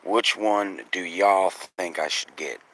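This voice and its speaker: Low-voiced profane man skywatching outdoors. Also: takes it slowly. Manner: profane, excitable, talks to chat viewers. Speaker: skywatch livestream host. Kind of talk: live outdoor stream chat. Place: outdoors at night. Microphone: phone.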